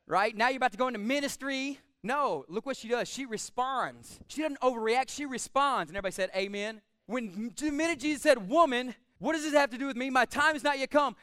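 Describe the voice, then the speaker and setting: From the pulpit, a pastor with a very high, smooth and clear voice preaches a sermon at a brisk pace. He is emphatic, rising to shouts on key phrases, and the recording is dry and close-up.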